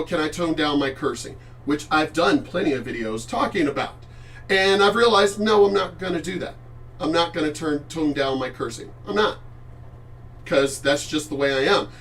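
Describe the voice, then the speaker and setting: A man's voice: high-pitched, a bit bright, far from the mic. A middle-aged man ranting bluntly on a livestream, heated and full of curse words. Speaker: vlogger. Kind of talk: ranting live-stream monologue.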